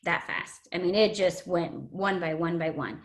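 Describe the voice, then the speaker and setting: A woman guest shares a personal testimony in an earnest, emotional way, often pausing with fillers. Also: on the low side, steady tone, slight background noise.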